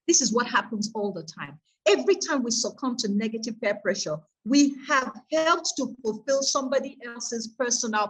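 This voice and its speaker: Earnest woman teaching, fairly high voice. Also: poor audio. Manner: earnest, asks the audience rhetorical questions. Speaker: course speaker on peer pressure. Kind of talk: faith-based teaching talk.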